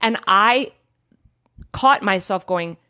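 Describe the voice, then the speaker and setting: Animated woman in her forties, storytelling. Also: medium pitch, slow pace, smooth. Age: 40s. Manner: animated storyteller, lively and laughing, trails off mid-thought. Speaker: guest actor. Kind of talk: casual podcast conversation.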